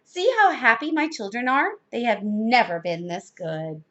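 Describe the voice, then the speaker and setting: A greedy mother of four from a children's story, voiced by a woman reading aloud. She exclaims loudly in a high, swooping voice. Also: sing-song, a little slow, lo-fi sound. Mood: chatty.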